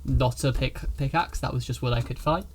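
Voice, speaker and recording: A man's voice: mid-range voice, fairly quick, slight background noise. Hesitant man narrating as game master. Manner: hesitant, lots of restarts; laughs often.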